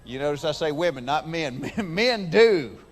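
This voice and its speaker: With a fairly high, expressive voice and a measured pace, a Southern man from Georgia performs folksy stand-up comedy on a large theater stage before an audience. He tells his stories using voices, and the sound fills a large hall.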